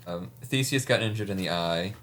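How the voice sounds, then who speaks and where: A man's voice: low voice, normal speed, fairly bright tone, slight background noise. Rambling American man, casual storytelling. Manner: rambling, many fillers and restarts. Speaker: larp player recounting an event. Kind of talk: casual chat.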